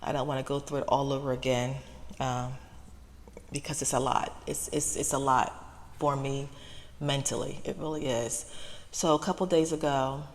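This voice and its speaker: A woman with a deep, gravelly voice talks in a halting, soft-spoken ramble from her parked car. She is close to tears and repeats herself often, with a long reverb trailing behind her. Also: fairly even intonation. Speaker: ASMR channel host.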